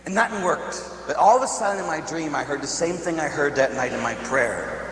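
A priest from Pittsburgh telling a story in a sermon, animated and often laughing, tossing out "huh?" to the listeners. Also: male voice, on the high side, brisk. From Pittsburgh, USA. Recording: echoey hall, faint hum.

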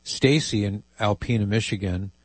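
A man's voice: on the low side, normal speed, breathy edge, no echo. A man hosting a radio talk show, chatting wryly and reading listener emails aloud.

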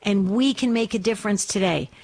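A woman hosting a call-in radio show, speaking slowly and encouragingly to listeners and callers. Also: medium pitch, a little mellow.

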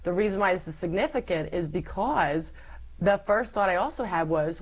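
A woman's voice: fairly low pitch, moderate pace, poor audio. A woman giving a personal faith testimony as an interview guest, telling her story animatedly and acting out past conversations. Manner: animated storyteller who acts out past dialogue.

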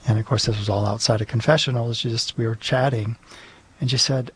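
A man, a priest, calmly telling a story from his pastoral work in a talk-show segment. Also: medium pitch, normal speed, a little hiss or hum.

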